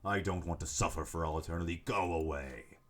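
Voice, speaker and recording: A man's voice: sits low, close to an everyday voice. A man voicing a mad old grandfather. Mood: menacing. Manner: slow, brooding, menacing. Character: old nobleman grandfather, zealous and going mad.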